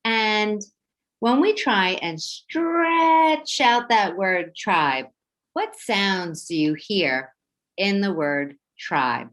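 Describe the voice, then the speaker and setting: A woman teacher with a New York accent leading a children's phonics lesson, slow, clear and encouraging as she sounds words out. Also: medium pitch, animated, a bit bright.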